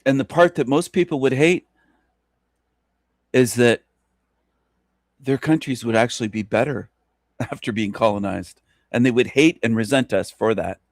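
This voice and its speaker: A man's voice: normal speed, pauses often, no echo. Man in a dry-sounding rambling radio rant. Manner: rambling, repetitive, emphatic rant with sudden pitch jumps; mocking, chuckles to himself. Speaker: radio show host. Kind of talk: solo radio monologue.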